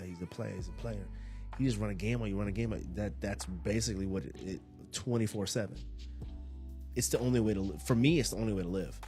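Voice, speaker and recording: Male podcast host, lowish voice, relaxed rambling motivational talk, faint music bed. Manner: rambling, repeats and restarts phrases, laid-back. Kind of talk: casual motivational monologue.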